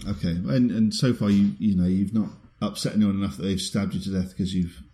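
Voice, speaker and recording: A man's voice: deep voice, steady tone, fairly quick, dark tone. A man hosting a casual podcast, teasing his co-host with dry humor.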